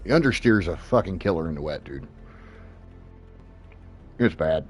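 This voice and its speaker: A man plays a racing sim and offers casual racing tips, swearing freely and laughing often in a laid-back way. His low voice is animated and darkish in tone, at a normal speed, with soft music in the background.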